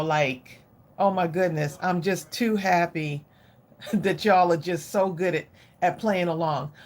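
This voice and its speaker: A middle-aged woman hosting a crafting livestream, chatting effusively and directly with her viewers. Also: mid-range voice. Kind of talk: casual live chat with viewers.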